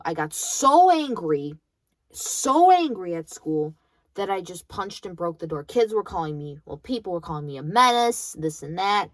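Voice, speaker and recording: Bitter young woman venting, low voice. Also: sing-song, moderate pace, dry recording. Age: young adult. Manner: bitter, blunt, swears freely. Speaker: vlogger. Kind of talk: venting monologue.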